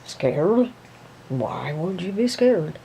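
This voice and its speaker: Woman doing a soft-spoken young male dancer. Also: on the low side, very animated, vocal fry, slight background noise, exaggerated voice, poor audio. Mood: gentle. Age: young adult. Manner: slow, soothing, hesitant with many ums. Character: young adult male dancer, gentle and reassuring.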